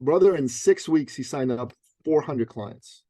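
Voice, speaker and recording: A middle-aged man, an author and business coach, telling a punchy, animated story as a guest in an interview. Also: mid-range voice, a little slow, no room sound. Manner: lively, punchy, acts out other people's voices.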